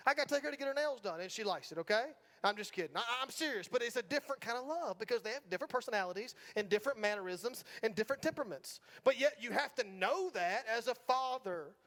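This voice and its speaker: A man's voice: extremely high pitch, a bit bright. A middle-aged man with a Southern US accent preaching a sermon in a church, talking with the congregation in a casual, joking way and often checking in with "right?". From Georgia, US. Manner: conversational, asks the congregation "right?" often, jokes. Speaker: pastor. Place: church sanctuary.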